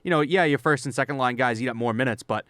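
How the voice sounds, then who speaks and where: A male podcast co-host who runs through lists of stats and player moves in a brisk reading voice, then slips into casual commentary. His tone is clear and smooth at a middle pitch, recorded dry and close. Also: a bit bright, no echo. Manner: reads off lists of stats and signings briskly, then chats loosely. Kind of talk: casual sports chat.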